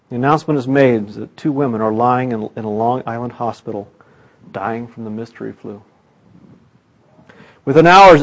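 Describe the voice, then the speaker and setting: A man preaching a dramatic sermon story, swinging between loud bursts and hushed, quiet passages. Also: mid-range voice.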